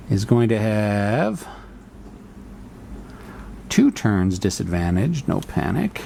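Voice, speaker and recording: A man's voice: lowish voice, big pitch swings, slow, vocal fry, pauses often, mellow, slight background noise. A man playing a solo board wargame, thinking aloud and reading the rules to himself as he works through each turn. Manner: muttering, reads rules aloud and reasons through them.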